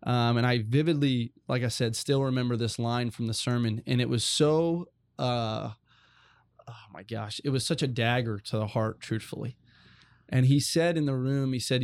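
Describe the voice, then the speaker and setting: Young guy, middle-pitched, dry close voice, earnest rambling faith story. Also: normal speed, clear, resonant tone, dry recording. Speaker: guest.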